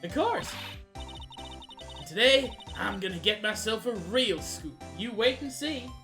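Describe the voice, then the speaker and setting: A woman's voice: fairly high pitch, big pitch swings, takes it slowly, music in the background. A woman voicing a brash young female paranormal photographer with a put-on American Southern drawl. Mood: brassy. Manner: loud, brassy, exaggerated drawl.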